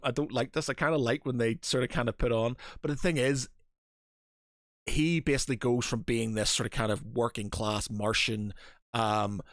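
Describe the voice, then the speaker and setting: A man talks casually on a podcast at an ordinary middle pitch, wandering through his thoughts with plenty of ums and restarts. The sound is dry and close, with no room echo. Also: fairly bright tone. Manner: rambling, hesitant, many fillers and restarts. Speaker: podcast co-host. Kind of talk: casual chat.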